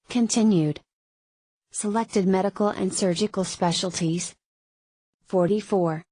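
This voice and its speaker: A woman reading medical terminology textbook pages aloud, word by word, in a flat, measured way. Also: mid-range voice, no echo, low-quality recording. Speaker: narrator of a medical terminology lesson.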